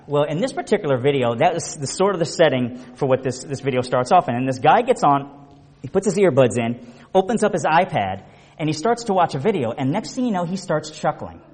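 Lively middle-aged preacher in a hall. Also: male voice, medium pitch. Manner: animated storyteller, chatty with many restarts. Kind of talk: conversational sermon. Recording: reverberant hall.

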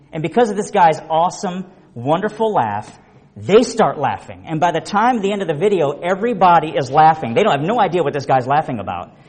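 A middle-aged man delivers a chatty sermon in a large church hall. His fairly high voice swings up and down as he tells stories. The long reverb of the hall hangs behind every phrase. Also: breathy edge. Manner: animated storyteller, chatty with many restarts. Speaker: preacher. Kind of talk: conversational sermon.

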